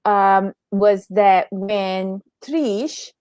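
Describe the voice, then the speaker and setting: A woman co-hosting a podcast, chatting casually about a reality show, frank and opinionated and quick to laugh. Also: medium pitch, a little mellow, clear, resonant tone, dry recording. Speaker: podcast co-host.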